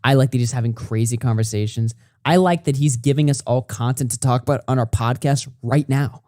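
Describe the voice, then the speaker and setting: A man's voice: medium pitch, brisk, warm tone, dry recording, studio quality. A man hosting a podcast in casual chat, swearing freely and often laughing as he talks. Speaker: podcast host.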